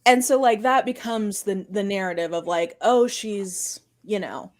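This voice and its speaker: A woman co-hosting a podcast, recounting a story in a quick, chatty way with lots of filler words. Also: mid-range voice. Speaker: podcast co-host. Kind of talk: casual storytelling chat.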